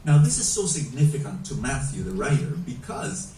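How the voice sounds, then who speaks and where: A man preaching a sermon in an animated, emphatic way, asking his listeners many rhetorical questions. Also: mid-range voice, moderate pace. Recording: echoey room, mic at a distance.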